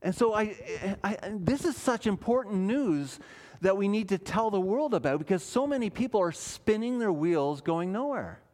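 A man's voice: high voice, expressive, normal speed, darkish tone. A man, a pastor, preaching a sermon in church, earnest and emphatic, asking his listeners questions.

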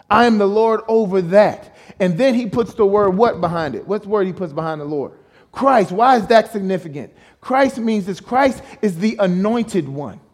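Man, guest preacher, high voice, emphatic sermon, rhetorical questions, call and response. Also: darkish tone.

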